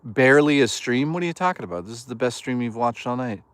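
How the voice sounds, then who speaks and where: A fast-talking man with a medium-pitched voice and lively intonation streams live from a hike in the woods. On a dry recording, he chatters casually, rambling, cracking jokes, cursing, and reading out the chat.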